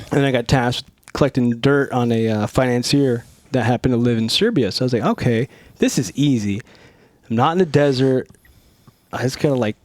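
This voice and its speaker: A man from Northern California, a podcast guest telling a story in a casual, profane, animated way. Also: medium pitch. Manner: profane, animated, acts out dialogue.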